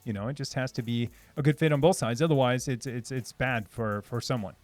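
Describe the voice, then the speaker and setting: A man's voice: medium pitch, fairly quick, faint music behind. Chatty man hosting a live stream. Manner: hesitant, many restarts, reads chat aloud. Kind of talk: casual live stream chat.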